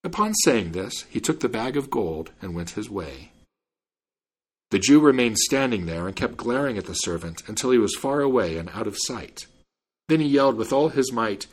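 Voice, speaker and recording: A man reading a fairy tale aloud in an expressive, animated way. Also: fairly low pitch, moderate pace, breathy edge. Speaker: storyteller.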